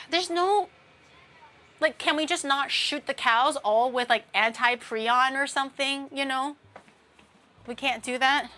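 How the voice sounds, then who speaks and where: A woman's voice: high-pitched, takes it slowly, pauses often, bright, forceful tone. A young woman streaming as a VTuber, chatting casually while she bakes at home, rambling through playful tangents with lots of fillers. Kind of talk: casual livestream chat while baking.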